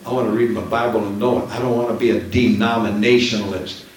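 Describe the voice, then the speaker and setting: Fervent preacher in an echoey church. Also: male voice, on the low side, fairly even intonation, quick pace. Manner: fervent, emphatic repetition. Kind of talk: Pentecostal sermon. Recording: very echoey church hall, mic at a distance, faint noise.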